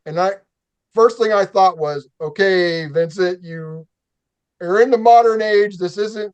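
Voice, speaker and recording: High-voiced man telling a profane story. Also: a little slow, smooth, dull audio. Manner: animated, profane storytelling with acted-out quotes. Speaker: show host. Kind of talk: casual chat, telling a story.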